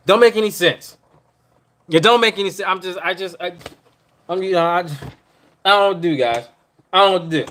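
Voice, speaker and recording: A man with a high, bright voice rants on his podcast stream about a coach he can't stand. His delivery is rambling and exasperated, full of repeats and half-finished thoughts as he vents. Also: normal speed, pauses often. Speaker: podcast host. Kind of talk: ranting live stream sports talk.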